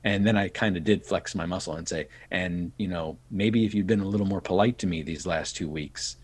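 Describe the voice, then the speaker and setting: A middle-aged man telling stories in casual chat, animated and acting out the people he quotes. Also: low voice, fairly quick, breathy edge. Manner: animated, acts out quoted voices. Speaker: podcast guest. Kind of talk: casual storytelling.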